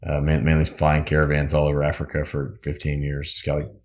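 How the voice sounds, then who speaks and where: A man's voice: a bass voice, completely flat delivery, quick pace, darkish tone. A man, a musician and pilot, telling casual anecdotes in an interview with lots of fillers and restarts. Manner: rambling, filler-heavy anecdotes.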